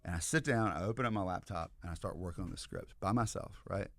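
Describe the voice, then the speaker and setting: An American man and podcast guest telling an animated, rambling story in casual chat, with many asides to the listeners. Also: deep voice, fast talker. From United States.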